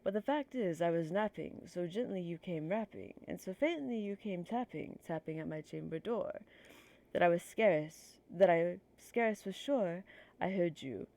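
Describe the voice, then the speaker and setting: A woman's voice: on the low side, lively intonation, unhurried, creaky, mellow, no room sound. A woman streamer with a stuffy nose reading poetry aloud on a livestream, nervous and self-conscious, apologizing for her slips.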